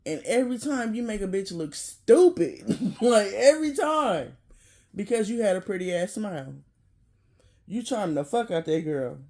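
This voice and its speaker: Speaking at a normal speed with lively intonation, this vlogger delivers a blunt, profane rant to camera. He laughs a lot, sinking to low mutters and then erupting loudly.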